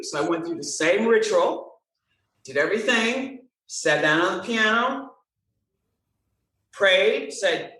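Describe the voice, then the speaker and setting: A woman guest telling a story in an interview, animated and acting out the dialogue. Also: medium pitch, slow pace, distant mic. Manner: animated, expressive storyteller who acts out dialogue. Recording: roomy sound, from off-mic.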